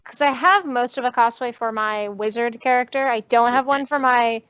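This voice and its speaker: A woman's voice: a little high, normal speed, fairly bright tone, clean tone, dry recording. A woman co-hosting a podcast, chatting eagerly and repeating herself as she goes. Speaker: podcast co-host. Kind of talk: casual chat. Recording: dry, dull lo-fi sound.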